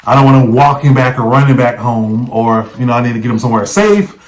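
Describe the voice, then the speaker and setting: In a vlog with poor audio, a man with a mid-range voice talks fast as he recounts a story. His first-person storytelling is casual and conversational, and he keeps checking in with the viewer.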